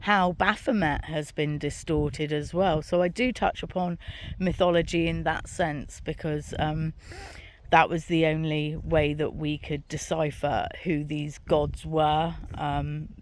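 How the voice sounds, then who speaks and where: A woman's voice: low voice, little pitch movement, measured pace, slight background noise. A middle-aged woman, talking frankly and casually to camera while walking outdoors on her farm, swearing now and then and laughing at her own jokes. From Britain. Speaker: author and vlog host. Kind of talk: casual walking vlog monologue.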